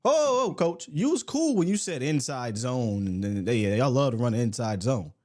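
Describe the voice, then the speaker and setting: A man hosts a sports podcast in a loose, easygoing way. He jokes around and often repeats his words as he talks. His voice sits at a middling pitch. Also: big pitch swings, moderate pace, warm tone. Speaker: podcast host. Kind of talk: casual sports chat and sponsor read.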